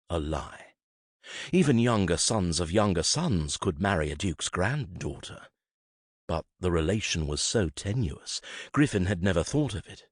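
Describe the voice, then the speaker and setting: A man reading a romance novel aloud as audiobook narrator, expressive and shifting into character voices. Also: sits low, unhurried, breathy edge, dry recording, clean studio sound.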